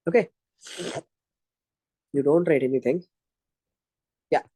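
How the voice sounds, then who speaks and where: A man's voice: on the high side, takes it slowly, warm tone, breathy edge, dry recording. A man with an Indian accent teaching physiology in an exam-prep lecture, repeating points step by step. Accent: Indian English. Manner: repetitive, explaining step by step.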